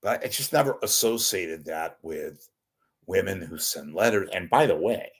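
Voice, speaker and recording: A man hosting his own live online show, talking straight into a desk mic with a lowish voice. His pitch leaps all over the place as he rambles, cracking wise and swinging from loud jabs to quiet mutters. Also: expressive, normal speed, creaky, slightly rough. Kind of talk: rambling solo commentary.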